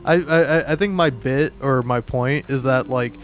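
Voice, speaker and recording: A man's voice: medium pitch, normal speed, soft background music. A young man in his twenties with an East Coast American accent, rambling and cursing through casual gameplay commentary full of restarts. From southeastern United States. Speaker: let's play host.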